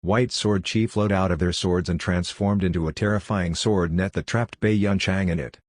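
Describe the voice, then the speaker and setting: A man narrating a fantasy audiobook in a steady, even reading. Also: low-pitched, moderate pace, no echo, studio quality. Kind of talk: scripted narration.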